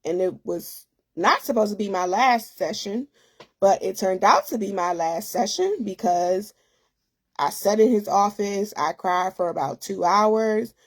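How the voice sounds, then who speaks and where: A woman's voice: mid-range voice, expressive, measured pace. A woman speaking as an author and host, giving a personal testimony in an emotional, conversational way and addressing listeners directly.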